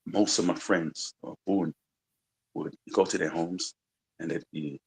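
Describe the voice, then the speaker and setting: On poor audio, a man from London whose accent carries a slight American twang speaks at a moderate pace in a low, slightly rough voice. He's a musician guest in a casual radio interview, reflecting and rambling, peppering his talk with "you know" and "like."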